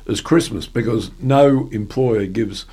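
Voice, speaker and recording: A man interviewing a guest in casual chat, asking rambling follow-up questions and clearing his throat at times. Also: medium pitch, unhurried, dark tone. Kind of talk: casual radio-style interview.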